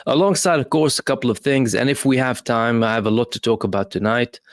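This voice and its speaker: A man hosting live news commentary, pausing on many fillers and asking emphatic rhetorical questions. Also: medium pitch, no echo, clean studio sound. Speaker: host.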